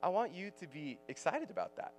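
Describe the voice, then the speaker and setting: Male youth pastor, 30s, casual joking sermon, a little high-voiced, light music bed. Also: big pitch swings, brisk. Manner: casual, joking, laughs often.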